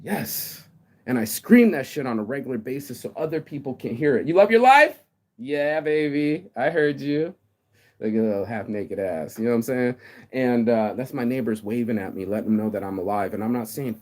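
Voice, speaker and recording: A man in his thirties delivering a rambling, profane motivational monologue, stammering and repeating words, with sudden loud outbursts. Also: mid-range voice, quick pace. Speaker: vlogger.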